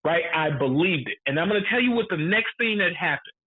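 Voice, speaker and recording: Emphatic high-voiced man on a tinny line. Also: animated, quick pace, slightly rough. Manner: emphatic, repeats lines for effect, swears freely. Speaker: podcast co-host. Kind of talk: casual movie review chat. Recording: narrow phone-like sound.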